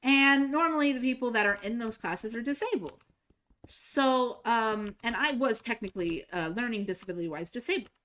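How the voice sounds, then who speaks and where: A woman's voice: fairly high pitch, normal speed, a bit bright. A young woman streamer telling a story in casual chat, swearing freely, laughing and acting out quoted lines. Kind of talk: casual storytelling while gaming.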